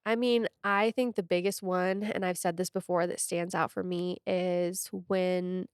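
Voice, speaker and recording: A woman's voice: lowish voice, level tone, a little slow, clear, resonant tone, no room sound, clean studio sound. A young woman co-hosting a casual podcast chat who laughs often and acts out quotes. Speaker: podcast co-host.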